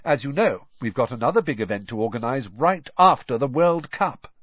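A man's voice: mid-range voice, animated, moderate pace, slightly rough, dry recording, pitched above the performer's own voice. A man voicing a sanctimonious, self-important young man. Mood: pompous. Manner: sanctimonious and officious. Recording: dull lo-fi recording.

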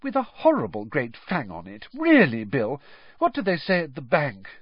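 A brisk, scolding mum, done by a man. Husky, lively delivery, dry and muffled sound. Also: fairly high pitch, no room sound, voice pushed up, exaggerated voice. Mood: fussing. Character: fussing middle-aged mother, bossy and doting. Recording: dull lo-fi recording.

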